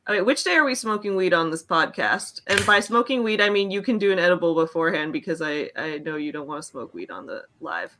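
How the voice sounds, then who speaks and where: A woman's voice: on the low side, expressive, a little fast, hardly any pauses, sharp tone. A young woman co-hosting a podcast in casual chat, chatty and laughing often as she acts out her dog's reactions. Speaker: podcast co-host.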